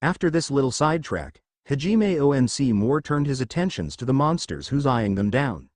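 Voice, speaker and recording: A young man narrates a fan fiction story in a plain, steady voice. His pitch is animated and varied, and the recording is dry and close. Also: moderate pace, no echo.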